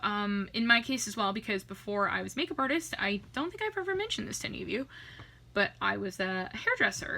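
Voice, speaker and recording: A woman's voice: medium pitch, gravelly, bright, forceful tone, slightly rough. A tipsy young woman, a makeup artist, telling a rambling, profane story in a casual way and laughing often. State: tipsy from drinking.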